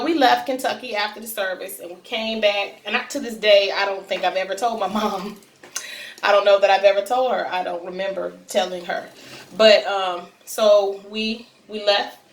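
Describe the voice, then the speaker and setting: A woman vlogger casually telling a personal story to her viewers, chatty and direct with plenty of fillers. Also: medium pitch. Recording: roomy sound, distant from mic.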